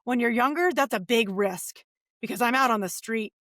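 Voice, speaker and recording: A woman in her forties, a podcast guest, telling her life story in a lively, animated way and acting out the voices of people she quotes. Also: a little high, normal speed, dry recording, clean studio sound. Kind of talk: casual storytelling interview.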